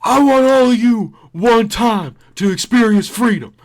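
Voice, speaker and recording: A man's voice: extremely high pitch, a little slow, pitched above the performer's own voice. A man putting on a grandiose male fighter acting as a lawyer, speaking in a sing-song motivational way. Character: dreamy preachy male fighter-lawyer, airy.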